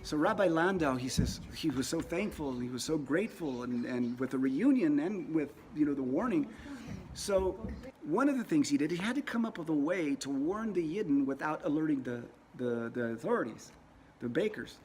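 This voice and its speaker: A man's voice: a little high, expressive, moderate pace, a little mellow. A man teaching a lesson in a casual, conversational way, often repeating words as he tells a story. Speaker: religious teacher.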